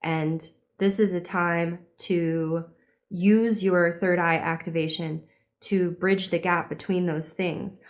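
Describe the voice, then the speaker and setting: A young woman giving a casual spiritual reading, meandering and dreamy, with lots of fillers. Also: fairly low pitch. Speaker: tarot and horoscope reader.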